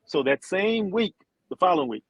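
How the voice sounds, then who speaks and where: A middle-aged man, an interview guest, telling a long story with lively quoted voices and many restarts. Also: high voice, moderate pace, husky, no room sound, rough recording. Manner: animated storyteller, acts out quotes, frequent restarts. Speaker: interview guest, former football player and singer.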